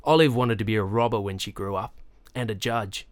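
A man reading a novel aloud in a measured, even storytelling manner. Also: on the low side, smooth, no echo, studio quality. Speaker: audiobook narrator. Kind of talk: scripted narration.

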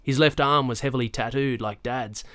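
In clean studio sound with no echo, a man with a medium-pitched voice narrates a novel for an audiobook. The scripted reading is steady and measured.

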